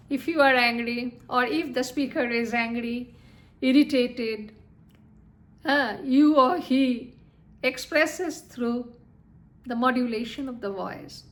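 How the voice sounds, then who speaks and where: High-voiced slow teacher woman. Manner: explains slowly with frequent "okay?" and "you know". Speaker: English teacher. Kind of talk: spoken English lesson.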